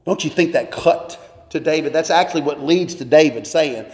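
High-voiced man preaching in an echoey hall. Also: normal speed. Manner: earnest preaching with rising emphasis and rhetorical questions. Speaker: pastor. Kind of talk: sermon. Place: church sanctuary. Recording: echoey long reverb of a church hall.

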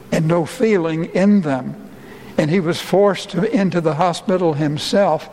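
A male pastor preaching a sermon, his voice rising and slowing when he quotes people crying out. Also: darkish tone, in a large hall, low-quality recording. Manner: rises in pitch and slows for quoted cries.

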